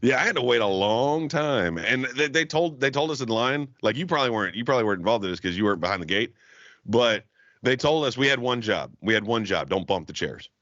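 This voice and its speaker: A man's voice: medium pitch, lively intonation, fast talker, a bit bright, no echo. A man co-hosting a podcast, telling profane, laughing stories in casual chat and acting out what others said. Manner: profane, laughing, acts out quotes. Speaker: podcast co-host. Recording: dull, lo-fi podcast audio.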